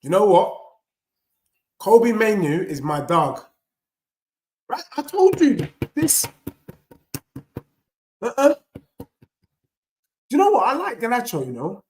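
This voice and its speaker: A man hosting a live football watchalong, bantering with chat and shouting when goals go in. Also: sits high, very animated, measured pace, pauses often, roomy sound. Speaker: watchalong host.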